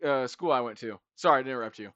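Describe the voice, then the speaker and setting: A young man co-hosting a podcast, telling stories in a loud, animated, profane way. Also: mid-range voice, quick pace, no room sound, muffled recording. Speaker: podcast co-host. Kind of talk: casual chat. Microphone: podcast mic.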